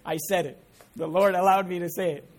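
A man's voice: high-pitched, steady tone, brisk. A middle-aged man preaching a sermon as pastor, emphatic, with rising questions put to the congregation.

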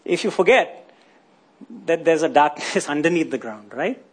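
A man's voice: on the high side, animated, normal speed, husky. A man preaching a sermon, often asking his listeners rhetorical questions and tagging lines with "isn't it?".

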